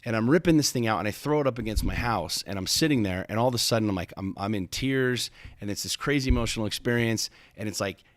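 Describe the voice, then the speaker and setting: Speaking fast with hardly a pause, a low-ish male podcast host shares a personal story. His delivery is intense, emphatic and profane, full of repeated starts. The recording is dry.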